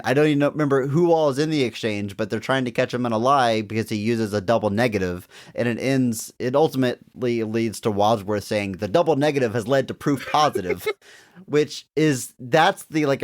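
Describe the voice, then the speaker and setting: A man hosting a podcast, enthusiastically recounting scenes and acting out quotes. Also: fairly low pitch. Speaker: podcast host. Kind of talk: casual podcast chat.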